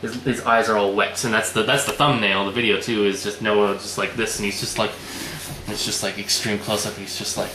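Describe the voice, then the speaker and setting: A man's voice: fairly low pitch, steady tone, fairly quick. A young man casually retelling a story in a loose, rambling way, swearing often and acting out the lines. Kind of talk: casual recap chat. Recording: roomy echoey room with faint noise.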